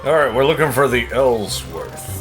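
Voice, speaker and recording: A man's voice: mid-range voice, lively intonation, normal speed, soft background music. A man playing a tabletop game in an easygoing way, describing what his character does. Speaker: player.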